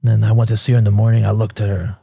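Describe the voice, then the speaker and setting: A man's voice: fairly low pitch, little pitch movement, very fast, gravelly, warm tone, slightly rough, no echo. A man in his thirties from Queens, New York, a podcast guest telling his life story candidly and casually, swearing freely and acting out past conversations. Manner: blunt, swears freely, retells scenes with quoted dialogue.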